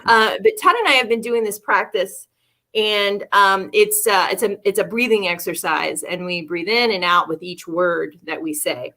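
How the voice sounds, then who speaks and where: A woman's voice: medium pitch, normal speed, bright, forceful tone. A woman co-hosting a livestream who chats easily, laughs often and speaks straight to her viewers. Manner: chatty, laughs often, addresses viewers directly. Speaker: co-host. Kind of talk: casual livestream talk.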